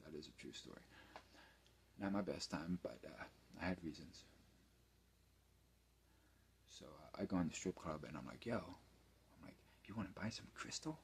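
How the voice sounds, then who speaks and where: Very low-voiced man rambling late at night. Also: unhurried, pauses often, a little hiss or hum. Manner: rambling, profane, mumbling with trailing-off asides. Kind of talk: late-night personal rant. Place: home, indoors at night.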